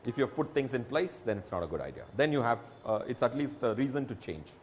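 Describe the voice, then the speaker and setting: A man's voice: mid-range voice, sing-song, fast, a little mellow. A man with an Indian English accent explaining personal finance emphatically, using examples. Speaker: financial advisor. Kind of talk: reassuring public talk.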